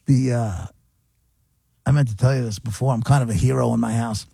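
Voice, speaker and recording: Male radio co-host, gravelly, dry close mic, joking storyteller. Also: mid-range voice, fairly even intonation, a little fast, dark tone, no room sound. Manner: joking, storytelling, playfully boastful. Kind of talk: casual studio banter. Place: radio studio.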